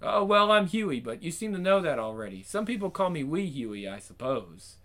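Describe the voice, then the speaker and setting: A man plays a timid young Scotsman who asks hesitant, unsure questions. His voice is pitched higher than the reader's own. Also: sing-song, moderate pace, a bit bright. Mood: bewildered. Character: timid young Scottish man, nervous and bewildered.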